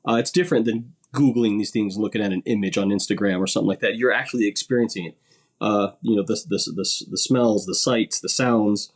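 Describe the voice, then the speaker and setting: A man's voice: on the low side, fairly even intonation, fast. A man chatting casually as a podcast guest, rambling a little and repeating words as he starts his sentences.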